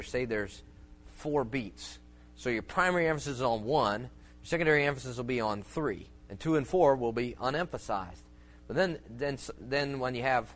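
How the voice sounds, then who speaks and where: A man giving an informal sermon-style talk on church music, rambling and folksy with many fillers and restarts, leaning on homely illustrations. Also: medium pitch. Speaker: preacher teaching on church music.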